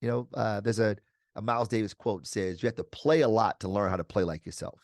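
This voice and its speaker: Low-voiced energetic man, dry sound. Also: brisk, dry recording. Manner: energetic, articulate, uses slang. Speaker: guest author. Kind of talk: conversational interview answers. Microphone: video call.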